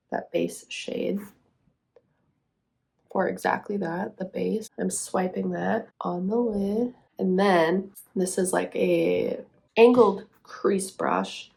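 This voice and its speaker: Low, gravelly-voiced woman vlogger. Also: slow, long pauses. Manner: chatty, relaxed, frequent "like" fillers. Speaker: vlogger and teacher. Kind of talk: casual get-ready-with-me talk.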